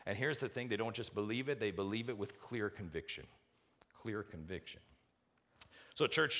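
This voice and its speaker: A man's voice: on the low side, a bit bright. A male pastor preaching a sermon to his church, emphatic, repeating key phrases and putting questions to the congregation.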